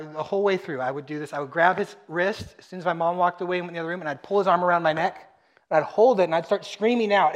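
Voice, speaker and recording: A middle-aged man from Texas preaching a sermon, telling joking family stories and acting out voices. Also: high-pitched. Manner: joking, animated storytelling with acted-out voices. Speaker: pastor.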